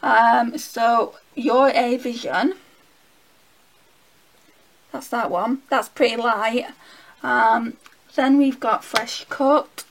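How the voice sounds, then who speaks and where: A woman's voice: on the high side, steady tone, slow, gravelly, poor audio. A woman with a Northern English accent, chatting casually to viewers while she swatches makeup and thinks aloud. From England. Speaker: beauty vlogger.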